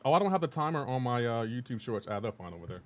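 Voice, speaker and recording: A male streamer talking casually to his live chat in a relaxed, mid-pitched voice. He greets viewers by name with bursts of enthusiasm and laughs easily. Faint keyboard typing is heard in the background. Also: quick pace.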